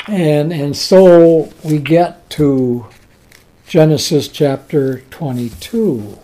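A preacher delivers a sermon at an unhurried pace, with a warm, dark tone. The delivery is deliberate, retelling scripture and pausing for emphatic asides. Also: mid-range voice.

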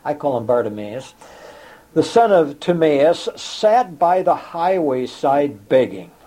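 A male preacher delivering a sermon in a slow, drawn-out way, his fairly high voice swinging widely in pitch. The tone is mellow and soft-edged, and he often sinks into hushed, almost whispered words for effect. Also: sing-song, rough recording. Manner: slow, dramatic delivery dropping to near whispers; reads quotations in old-fashioned scripture wording. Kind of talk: sermon reading and explaining scripture.

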